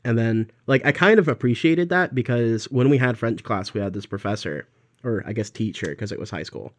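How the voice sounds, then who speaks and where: A man's voice: medium pitch, fairly quick. Young man telling stories with laughter. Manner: animated storyteller, laughs often, acts out quotes. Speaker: podcast co-host. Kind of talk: casual chat.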